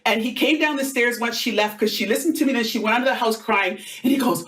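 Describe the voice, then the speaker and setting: A middle-aged woman, a motivational speaker, telling stories in an animated, conversational way during an interview. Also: on the high side, fast talker, few pauses. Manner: animated, acts out quoted voices.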